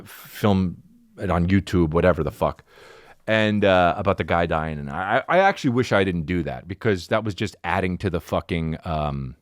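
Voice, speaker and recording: A man in his thirties hosting a casual comedy podcast, telling a story with lots of profanity, restarts and quick asides. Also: mid-range voice, no room sound, clean studio sound. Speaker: podcast host.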